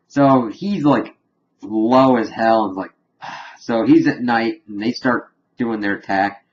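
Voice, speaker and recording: A man giving a casual, rambling spoiler recap of a TV episode, animated and chuckling as he retells scenes. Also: medium pitch, slow pace, lo-fi sound. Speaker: TV episode reviewer.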